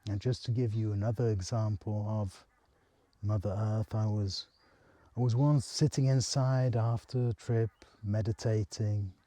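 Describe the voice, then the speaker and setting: A man telling a personal spiritual story in a soft, halting, earnest way. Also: fairly low pitch, fairly even intonation, dry recording.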